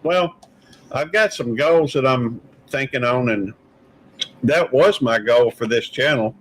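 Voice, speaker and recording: A man's voice: medium pitch, a little slow, low-quality recording. Easygoing man hosting a stream. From Mississippi. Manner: easygoing, rambling, calls people brother. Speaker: live stream host. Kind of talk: casual live stream chat.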